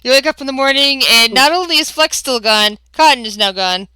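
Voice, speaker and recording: Bright, crisp woman running a tabletop game. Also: high voice, no room sound. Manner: halting, with many fillers and restarts. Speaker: game master.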